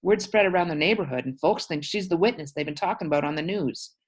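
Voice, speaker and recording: A woman's voice: fairly low pitch, fast talker, slightly rough, voice pushed up. Woman reading as a blunt, defiant neighborhood man. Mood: explaining. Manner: blunt, defiant street talk.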